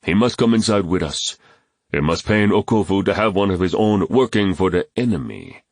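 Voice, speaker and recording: A man voicing a proud, menacing older village chief who speaks in a commanding, measured way. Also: deep voice, expressive, no echo.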